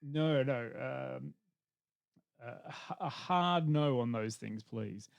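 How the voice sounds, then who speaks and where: A man's voice: medium pitch, lively intonation, slow, gravelly, no room sound. A man hosting a casual podcast chat, joking and laughing often, rambling with fillers. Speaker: podcast host.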